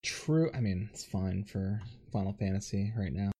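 A man's voice: lowish voice, normal speed, warm tone, slightly rough. Laughing, joking male podcast host. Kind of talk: casual chat.

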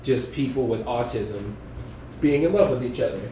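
A man's voice: medium pitch, animated, normal speed, noisy background. Rambling man, roomy distant sound. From New England. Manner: rambling, laughing, crude jokes. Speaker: podcast guest. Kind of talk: casual podcast chat. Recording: roomy, distant mic, faint ambience.

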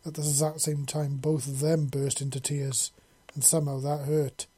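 Male audiobook narrator, slightly high, dark and husky, steady earnest delivery. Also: moderate pace. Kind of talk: story narration.

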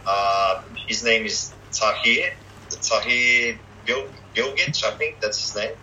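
A man's voice: medium pitch, steady tone, takes it slowly, bright, forceful tone, slight background noise, rough recording. A young man chatting casually and hesitantly, with lots of fillers and restarts. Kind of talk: casual chat.

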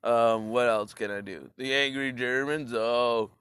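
A man's voice: mid-range voice, fairly even intonation, a little slow, fairly bright tone, clean tone, no room sound, clean studio sound. A man doing a rambling, crude comedic rant and swearing freely. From Canada.

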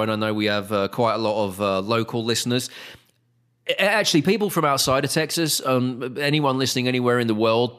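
A man hosting a casual podcast chat, ranting with exasperation and climbing higher when he gets worked up. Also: fairly bright tone. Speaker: podcast host.

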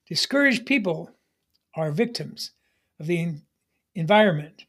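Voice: mid-range voice, expressive, unhurried, long pauses. Folksy call-and-response preacher. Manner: call-and-response, urging the congregation to repeat lines; folksy, humorous storytelling. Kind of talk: sermon.

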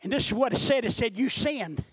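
High-voiced impassioned preacher man. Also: very fast, husky, no room sound. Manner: impassioned, rises to shouting. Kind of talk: sermon.

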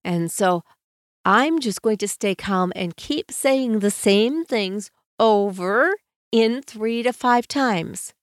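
A woman hosting a podcast, speaking in a gentle, soothing way and slowly guiding the listener through calm advice. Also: mid-range voice, no echo, studio quality. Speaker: podcast host.

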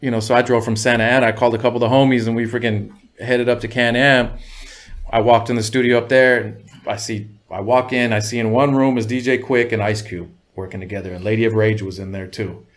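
A man's voice: mid-range voice, level tone, fast talker. Laid-back, cursing man telling stories. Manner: laid-back, profane, full of "you know what I mean". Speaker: guest, music producer. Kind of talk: casual storytelling.

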